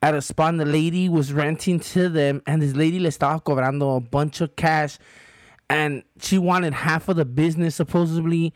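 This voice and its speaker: A man from Southern California with a high voice tells a story in slangy, profane talk full of fillers. The sound is dry and close. It is a casual podcast chat between co-hosts. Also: steady tone, moderate pace, no echo. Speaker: podcast co-host.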